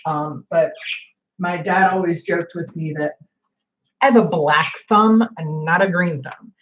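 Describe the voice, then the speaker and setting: Woman in her forties, chatty home vlog, rambling, lowish voice, dull lo-fi sound. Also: a little slow. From northern United States. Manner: chatty, rambling, many fillers. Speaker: vlogger. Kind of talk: casual chat.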